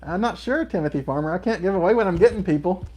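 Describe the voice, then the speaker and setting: A man's voice: high-pitched, animated, fast, a little mellow. Middle-aged guy on a livestream, chatty, laughs a lot reading comments. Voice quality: laughs often between remarks. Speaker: livestream host. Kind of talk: casual chat reading viewer comments.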